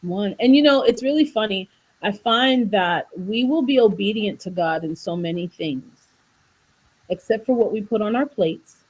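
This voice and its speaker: On a video call, a woman wellness coach gives a faith-based wellness livestream talk about faith and health, telling stories animatedly, sounding preachy, and acting out voices in her jokes. Her mid-range voice has a breathy edge at a moderate pace, and the audio is dull.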